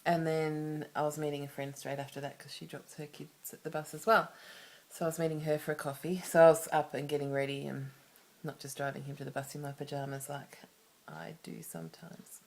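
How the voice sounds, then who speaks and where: Low-voiced Australian woman, rambling and candid. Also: little pitch movement, fairly quick, few pauses, darkish tone. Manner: rambling, candid, many restarts and asides. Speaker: vlogger. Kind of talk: confessional personal vlog.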